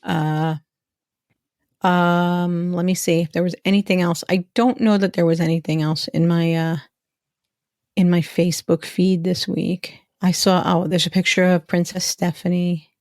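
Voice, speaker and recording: A woman co-hosting a podcast in casual chat, telling animated stories and laughing often. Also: on the low side, measured pace, dry recording, clean studio sound. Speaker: podcast co-host.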